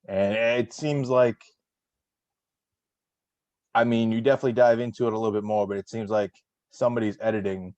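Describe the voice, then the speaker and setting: Low-voiced man hosting a chatty recap. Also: a little mellow, dry recording, dull audio. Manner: rambling, many fillers and restarts. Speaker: podcast host. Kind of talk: casual chat.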